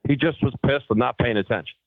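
A man tells long golf stories on a call, slipping into the voices of the people he quotes. His voice has a middle pitch and comes through a thin, phone-like line that sounds dry and close, with no room around it. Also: quick pace, gravelly, slightly rough, no room sound. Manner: animated storyteller acting out quoted voices. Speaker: guest golfer. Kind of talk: casual storytelling.

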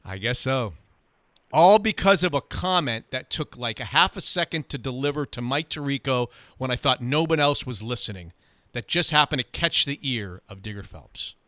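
A man hosting sports radio, telling a story in a lively, quick way. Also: mid-range voice, no echo. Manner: animated, quick anecdote telling. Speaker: radio host.

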